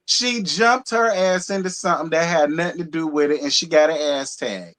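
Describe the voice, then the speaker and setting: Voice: mid-range voice, normal speed, a bit bright. A panelist speaking bluntly and profanely, speeding up as the point gets heated, in a casual chat.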